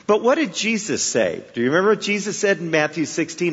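Husky-voiced man preaching in an echoey hall. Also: fairly high pitch, lively intonation, quick pace, hardly any pauses, fairly bright tone. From Chicago area, US. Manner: conversational, humorous storytelling with rhetorical questions. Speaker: guest preacher. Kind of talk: sermon with storytelling. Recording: echoey hall, dull sound.

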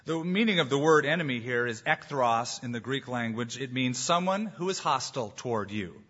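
A man preaching an animated, emphatic sermon as pastor, with jokes along the way. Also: medium pitch, slightly rough. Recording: dull lo-fi sound.

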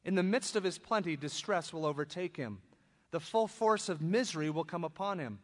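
A man preaching a sermon, reading scripture aloud and then breaking into lively, conversational asides. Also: fairly high pitch, a little fast. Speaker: pastor. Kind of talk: expository sermon. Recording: long reverb of a large hall.

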